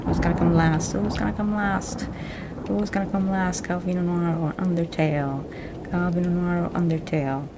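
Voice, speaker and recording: A woman's voice: low voice, noisy background. A woman streamer giving playful announcer-style live commentary, repeating her phrases as she goes.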